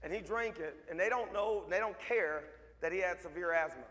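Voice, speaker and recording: Male motivational speaker, high voice, emphatic, repetitive storytelling, school hall echo. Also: fairly quick, fairly bright tone. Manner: emphatic, storytelling, repeats for effect. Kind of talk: speech to a school assembly. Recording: long hall reverb.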